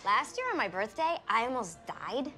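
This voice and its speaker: A woman's voice: a little high, very animated, moderate pace, pushed and bright, faint music behind, heavily acted. Sitcom lead: brash self-absorbed woman, blunt and sarcastic, bouncy delivery. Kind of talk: TV sitcom acting.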